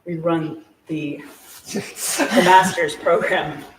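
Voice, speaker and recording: Speaking extremely slowly in a medium pitch, a guest relates a personal story to a live-event audience in a small shop. Fillers, especially "like," crowd the chatty delivery, and laughter comes often. Captured from a distance in an echoey room, the audio carries a little hiss or hum.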